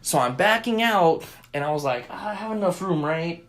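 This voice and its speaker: A man's voice: a little high, normal speed. A young man co-hosting a podcast, telling a long story in casual chat, cursing often and acting out what people said. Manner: profane, animated storyteller acting out quotes. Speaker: podcast co-host.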